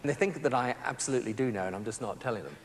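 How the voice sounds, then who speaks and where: A man's voice: medium pitch, rapid-fire, in a large hall, noisy background. A man answering a reporter's questions informally, hesitating and repeating words.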